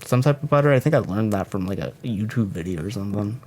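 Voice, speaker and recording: A man's voice: fairly low pitch, lively intonation, fast talker, a little mellow, a little hiss or hum. A young man co-hosting a casual music podcast, rambling, joking and correcting himself as he goes. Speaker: podcast co-host.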